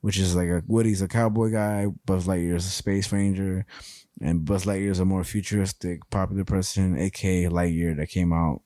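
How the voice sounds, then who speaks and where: A man co-hosting a podcast, chatting casually and telling stories in a loose, profane, animated way. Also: low-pitched, moderate pace, dry recording, clean studio sound. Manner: animated, profane storytelling with frequent laughs. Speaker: podcast co-host. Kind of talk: casual chat.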